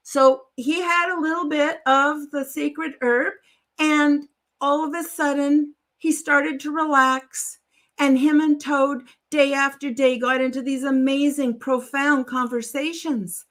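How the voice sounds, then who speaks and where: High-voiced woman spinning a rambling tale. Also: steady tone, unhurried, fairly bright tone. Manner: meandering, self-interrupting, with wry asides to the audience. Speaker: storyteller on a live stream show. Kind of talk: rambling spoken storytelling.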